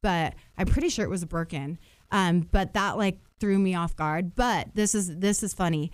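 A woman's voice: on the low side, moderate pace, smooth, dry recording, studio quality. A woman telling stories in a casual chat, with lots of fillers and restarts. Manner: chatty storytelling, many fillers and restarts. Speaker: podcast guest.

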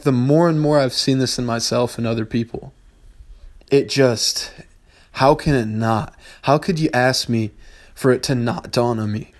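A young adult man hosting a podcast, rambling through a casual philosophical monologue full of swearing and bursts of exasperation. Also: mid-range voice. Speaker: podcast host.

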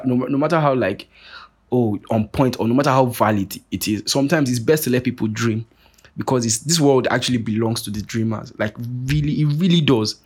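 A young man hosting a podcast, talking in a rambling, profane, animated monologue full of restarts. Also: medium pitch, husky. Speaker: podcast host. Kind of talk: casual monologue rant.

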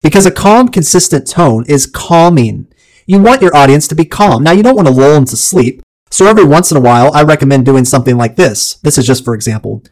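A man hosts a solo advice podcast in a slightly high voice. He speaks in a measured, deliberate way and drops in playful, jokey asides. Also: expressive, a little mellow, low-quality recording. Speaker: podcast host.

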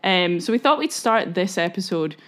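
A woman's voice: lowish voice, animated, moderate pace. A young woman hosting a podcast, chatting casually with frequent giggles and free swearing. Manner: chaotic, giggly, swears freely. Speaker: podcast host. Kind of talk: casual chat.

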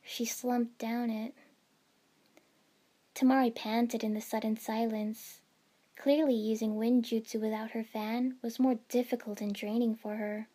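A woman reading a first-person fan fiction story aloud in a steady storytelling manner. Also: fairly high pitch, a little slow. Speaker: narrator.

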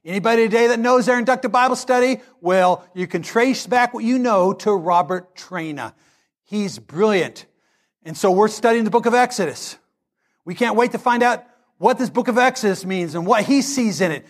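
Male preacher, high voice, energetic storyteller who builds to shouts. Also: moderate pace. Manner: animated storytelling, swells into shouting. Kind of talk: sermon.

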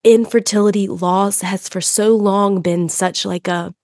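A woman's voice: medium pitch, steady tone, measured pace, a little mellow, no echo, clean studio sound. A woman hosting a podcast, speaking earnestly and searching for her words in a casual conversation. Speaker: podcast host.

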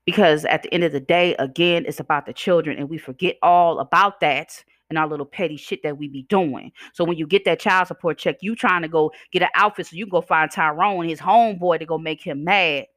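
A woman's voice: low-pitched, brisk, few pauses, a bit bright, no room sound, clean studio sound. A woman hosting a podcast, ranting casually with a blunt, sassy, profane manner and a slight slur from chewing gum, speaking. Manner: blunt, sassy, profane, addresses listeners as "y'all" and "child". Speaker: podcast host.

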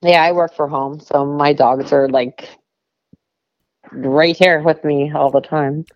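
A woman in her fifties, chatty and quick to laugh and exclaim, in a casual podcast chat over a dull line. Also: sits low, steady tone, no room sound. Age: 50s.

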